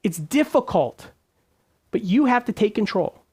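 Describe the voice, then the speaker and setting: A business coach talks straight to his listeners, hammering his points home with repeated phrases and rhetorical questions. His pitch swings widely, rising and dipping as he pushes each idea. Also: sing-song, a little slow, darkish tone, breathy edge. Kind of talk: motivational talk to camera.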